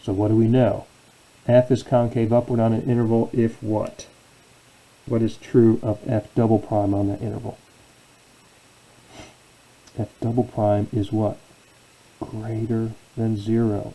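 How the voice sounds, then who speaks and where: A man's voice: on the low side, little pitch movement, measured pace, creaky, pauses often, warm tone, rough recording. A man teaching a calculus lesson as a professor, asking questions and answering them himself. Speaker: math professor. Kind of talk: calculus lecture.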